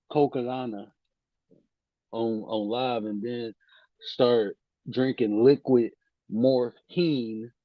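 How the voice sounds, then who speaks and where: A man telling a story in casual chat, animated and swearing, voice jumping up when he quotes people. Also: mid-range voice, no room sound, muffled recording.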